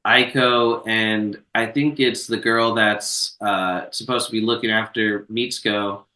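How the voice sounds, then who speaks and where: A man co-hosting a podcast, casually recapping a movie scene by scene, swearing freely and slipping into quick quoted voices. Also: on the low side, steady tone, sharp tone. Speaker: podcast co-host. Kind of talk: casual film discussion. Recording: roomy, echoey, off-mic sound.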